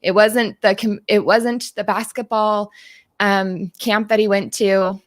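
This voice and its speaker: A woman in a mid-range voice speaks softly and openly about what moved her. She pauses often and searches for her words. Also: medium pitch, little pitch movement. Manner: soft, hesitant, many pauses and "um"s. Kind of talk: heartfelt conversation.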